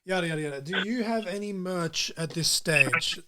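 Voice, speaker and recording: A man's voice: sits high, normal speed, a crowd in the background. A man hosting a podcast interview in a chatty, jokey manner, laughing often. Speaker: podcast host. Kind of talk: casual interview chat.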